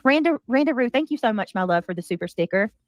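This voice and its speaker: A woman hosting a heated livestream, talking fast and defensively with many restarts. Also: a little high, lively intonation, no room sound. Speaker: livestream commentary host. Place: home.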